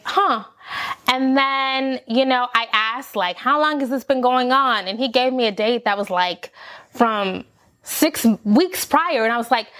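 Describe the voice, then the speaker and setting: A young adult woman candidly telling a personal story to camera, acting out her own past lines. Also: high voice. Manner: candid, animated, acts out her own quotes. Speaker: vlogger.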